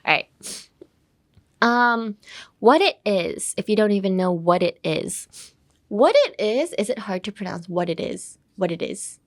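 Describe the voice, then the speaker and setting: A woman's voice: medium pitch, lively intonation, unhurried. A young woman from California teaching English casually, mixing in Japanese and leaning on "um" and "like". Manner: uses lots of "um" and "like" fillers; switches between English and Japanese.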